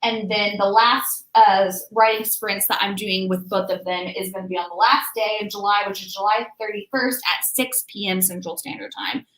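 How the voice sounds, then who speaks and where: A woman's voice: mid-range voice, steady tone, moderate pace, hardly any pauses, fairly bright tone. A young woman hosting a writing livestream, chatting casually and bubbly with viewers. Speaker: writing channel host. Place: home room. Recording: echoey room.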